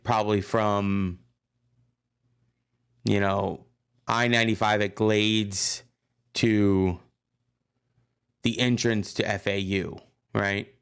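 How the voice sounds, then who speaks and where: A man's voice: lowish voice, creaky, fairly bright tone, smooth. A man teaching a casual history lesson, talking loosely and often checking in with his students. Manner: chatty, loose, checks in with "right?". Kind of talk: casual classroom lecture.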